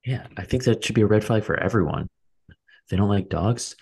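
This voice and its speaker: A man co-hosting a podcast in casual chat, relaxed and rambling with many fillers. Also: fairly low pitch, a little fast, creaky, husky. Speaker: podcast co-host.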